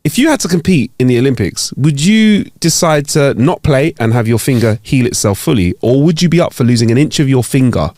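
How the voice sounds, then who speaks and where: A man's voice: medium pitch, expressive, fairly quick, hardly any pauses, a little mellow. A man co-hosting a casual comedy podcast, easygoing and chatty, steering the show and putting questions to the audience. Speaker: podcast co-host.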